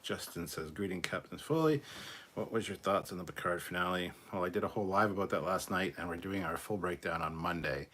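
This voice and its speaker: A man hosting a live stream, reading viewer super chats aloud and chatting about his day in a relaxed, rambling way. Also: low-pitched, brisk. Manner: relaxed, rambling, with fillers and restarts. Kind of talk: casual live-stream chat.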